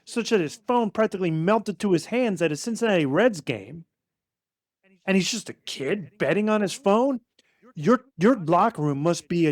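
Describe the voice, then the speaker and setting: A man's voice: high voice, dry recording. A middle-aged man co-hosting a sports podcast with his son, ranting bluntly and emphatically, with some swearing. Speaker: podcast co-host, father. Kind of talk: opinionated sports podcast rant.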